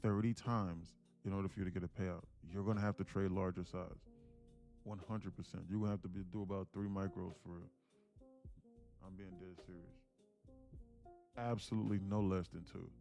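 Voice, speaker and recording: A man's voice: low-pitched, steady tone, moderate pace, gravelly, long pauses, dark tone, soft background music. A man hosting a live trading stream, giving blunt, informal coaching to viewers. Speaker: day-trading livestream host.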